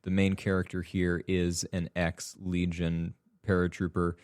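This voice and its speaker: A man with a low voice co-hosts a relaxed movie chat, picking at plot holes with a wry, doubtful tone. He is recorded dry and close. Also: measured pace, smooth, no echo. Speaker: podcast co-host. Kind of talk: casual film discussion.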